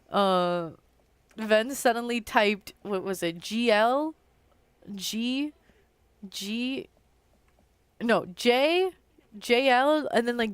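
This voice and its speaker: A woman's voice: on the high side, clean tone, no room sound. A young adult woman chatting casually while streaming a game, rambling on and filling her speech with "like.". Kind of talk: casual live-stream chat while gaming.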